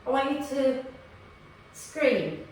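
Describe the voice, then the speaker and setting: Gentle yoga teacher in an echoey room. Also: female voice, sits high, lively intonation, takes it slowly, far from the mic, slight background noise. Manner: gentle, tags nearly every instruction with "okay?". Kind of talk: online prenatal yoga class instruction. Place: room recorded for an online class.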